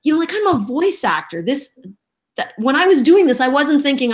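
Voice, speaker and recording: A middle-aged woman, a voice actress, telling stories in a lively, self-deprecating way during a casual interview. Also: high voice, fairly quick. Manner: animated, self-deprecating storyteller. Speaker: voice actress guest.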